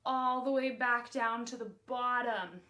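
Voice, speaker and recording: A young woman teaching children music warm-ups and a magic trick in a cheerful, slow, encouraging way, recorded indoors on a camera mic. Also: a little high. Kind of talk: children's lesson.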